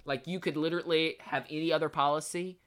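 Bright-voiced man telling a story. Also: on the high side, fast. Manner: animated storytelling, acts out voices. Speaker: podcast co-host. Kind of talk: casual chat.

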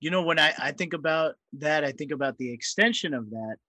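A man's voice: fairly high pitch, expressive, brisk, sharp tone, no room sound. A man co-hosting a casual podcast, building long, questioning arguments. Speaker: podcast co-host. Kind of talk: casual chat.

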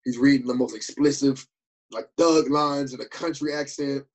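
A young man chatting casually, telling animated, slangy stories and acting out the quotes. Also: mid-range voice, normal speed, poor audio. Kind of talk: casual chat.

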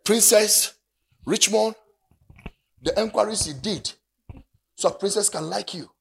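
A man with a Ghanaian English accent preaching a sermon to a congregation in a church, with an animated, sing-song delivery. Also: sits high, slow, gravelly. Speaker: pastor.

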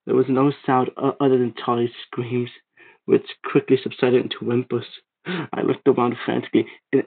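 A man reading a creepypasta aloud, steady but stumbling and restarting now and then. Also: mid-range voice, creaky, breathy edge. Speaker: narrator. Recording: tinny phone-like sound.

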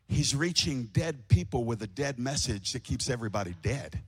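A man preaching an impassioned sermon to a congregation, swinging from shouting to hushed tones. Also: medium pitch, animated, moderate pace, few pauses, slightly rough. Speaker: pastor. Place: church before a congregation.

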